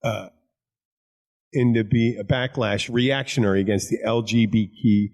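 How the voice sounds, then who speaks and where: A man's voice: lowish voice, steady tone, unhurried, darkish tone. A man hosting a podcast, a bartender telling rambling stories full of crude jokes and restarts. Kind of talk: casual chat.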